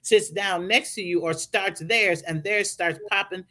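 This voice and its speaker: A woman guest speaker on a podcast, telling a story in an animated preaching style. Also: on the low side, measured pace. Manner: animated storytelling, acts out voices.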